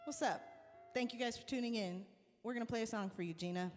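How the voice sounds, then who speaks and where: A woman host and singer telling stories in a casual chat on a live stream, animated and laughing often as she acts out quotes. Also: a little high, fast talker, long reverb tail, faint music behind.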